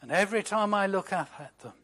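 A man preaching a sermon, slow and emphatic, moving from loud declarations to hushed, reflective asides. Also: high voice, expressive. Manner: quotes hymn lines in a reflective voice.

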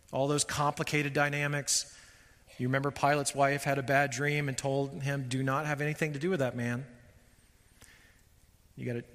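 A man preaching a sermon as pastor, speaking emphatically and building to loud, fervent peaks. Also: a little high, in a large hall.

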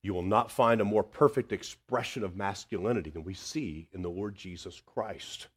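A man preaching a sermon, swinging between loud emphasis and hushed tenderness. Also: lowish voice, moderate pace, breathy edge.

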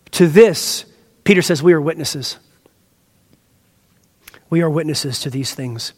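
A man with a high voice preaches an earnest, teacherly sermon. He leans on key words for emphasis and breaks off for asides to his listeners. His voice rings out with a long reverb, as in a church sanctuary. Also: husky. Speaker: pastor. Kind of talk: expository sermon.

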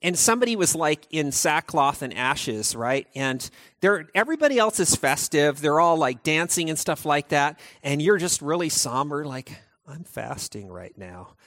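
A male pastor preaches in a loose, conversational way. His voice sits high and leaps up and down as he explains, doubling back and restarting his sentences. The sound is close and dry, with no room around it. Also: moderate pace, no room sound. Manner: animated, chatty preaching with frequent restarts. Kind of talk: conversational sermon.

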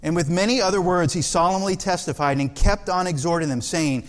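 A man preaching a sermon, his voice sitting fairly high for a man. He keeps asking the congregation rhetorical questions. The sound carries a long echo, as in a large hall. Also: brisk, few pauses.

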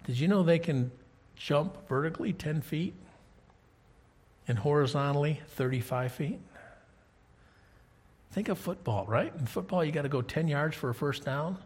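A male preacher with a husky, somewhat raised voice, walking his listeners through scripture. He reads a verse, then breaks off to chat and ask them questions. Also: on the high side, expressive, moderate pace, pauses often. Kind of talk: conversational Bible teaching.

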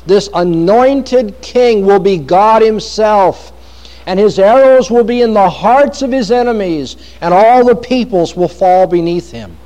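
A man's voice: high voice, expressive, a little slow, dark tone. A man preaching a sermon, reading scripture aloud with dramatic emphasis. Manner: dramatic, varied emphasis, quotes scripture at length.

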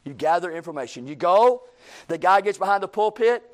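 A man's voice: sits high, animated, fairly quick. A man preaching a sermon in a folksy, emphatic way, repeating phrases and quoting imagined critics.

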